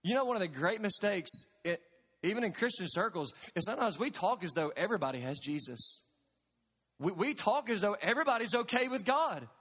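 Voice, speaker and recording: A pastor preaches from the pulpit in a high, ringing voice. He is earnest and emphatic and presses the congregation with questions. His words carry a long reverb through the large sanctuary. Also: lively intonation, fairly quick, a bit bright, husky. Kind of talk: sermon. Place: church sanctuary.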